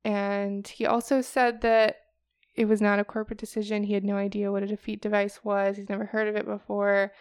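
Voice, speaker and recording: A woman's voice: mid-range voice, completely flat delivery, brisk, darkish tone, clear, resonant tone, no echo, studio quality. A woman co-hosting a podcast, telling a story in casual chat, chatty and laughing often as she acts out quotes. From Chicago. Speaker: podcast co-host.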